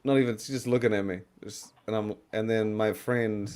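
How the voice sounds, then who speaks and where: A man's voice: on the low side, steady tone, moderate pace, a little mellow, clear, resonant tone. A man on a podcast panel chatting casually, swearing freely and acting out quoted voices. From Australia or New Zealand.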